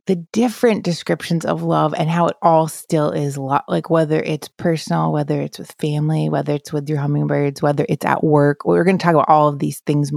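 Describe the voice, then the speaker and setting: A woman with a low, gravelly voice hosts a casual podcast interview. She is recorded dry and close, and she keeps affirming her guest before asking open questions. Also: fairly even intonation, a little fast, few pauses, no room sound. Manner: affirming, frequent soft agreement. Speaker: podcast host.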